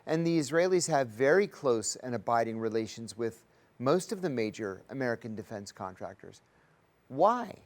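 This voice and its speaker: A man's voice: mid-range voice, sing-song, moderate pace. A man hosting a studio talk show, earnest, with rising emphasis as he makes his points. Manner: earnest, rising emphasis, acts out quoted voices. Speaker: host.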